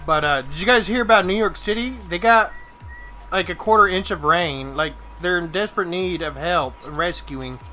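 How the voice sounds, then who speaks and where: Bright-voiced man streaming a farming game. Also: sits high, moderate pace. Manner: swearing, joking, mocking impressions of others. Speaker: gaming streamer. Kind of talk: casual live-stream chat while playing. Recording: game music in the background.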